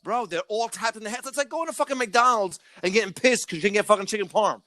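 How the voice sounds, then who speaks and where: A man's voice: sits high, quick pace, sharp tone, no echo. A man co-hosting a casual podcast, ranting with lots of swearing and stammering on restarts. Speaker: podcast co-host.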